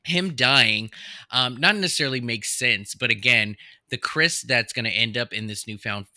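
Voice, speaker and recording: A man's voice: medium pitch, normal speed, pushed and bright, no room sound, clean studio sound. A man co-hosting a casual podcast, thoughtfully reasoning through a TV plot. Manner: thoughtful, reasons things out with restarts. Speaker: podcast co-host. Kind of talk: casual chat discussing a TV episode.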